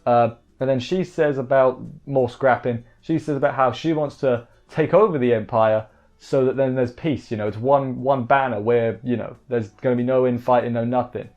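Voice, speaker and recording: A man reviews an anime episode with a casual, rambling recap that's wry and packed with fillers and restarts. His mid-range voice is steady, moderately paced and a little mellow, captured on a dull lo-fi mic with faint music behind.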